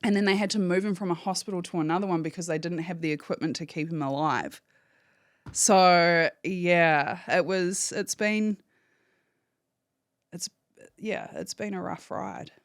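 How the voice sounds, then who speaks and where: A woman's voice: fairly low pitch, a little slow, no echo, studio quality. A woman, a podcast guest giving a candid, emotional personal account and swearing freely. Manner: candid, swears freely, acts out phone calls in quotes.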